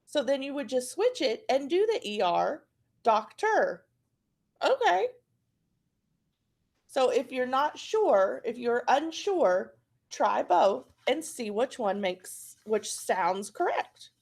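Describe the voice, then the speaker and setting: A woman teacher with an Oklahoma accent leads students through a phonics lesson, patiently repeating each word so they can practice. She speaks slowly in a fairly high voice that is very animated and gravelly, with a darkish tone.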